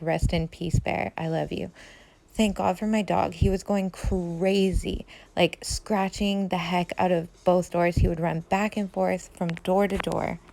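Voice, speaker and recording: Brief: Canadian woman, low voice with fry, hushed and chatty storytelling. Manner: chatty, fills with "like", quiet and hushed. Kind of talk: casual first-person true story.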